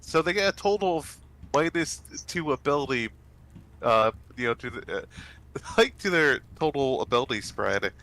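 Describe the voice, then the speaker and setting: A man's voice: medium pitch, expressive, moderate pace, a bit bright, low-quality recording. A man with a stuffy, congested nose, rambling casually with lots of fillers while gaming with friends. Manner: rambling, many fillers and restarts. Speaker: let's play host.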